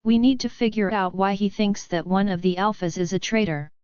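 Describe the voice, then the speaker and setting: A man's voice: sits high, fairly quick, a little mellow, clear, resonant tone, no room sound, lo-fi sound, lightly acted. A woman reading as hot-tempered werewolf Will. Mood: urgent. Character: hot-tempered, loyal young werewolf warrior.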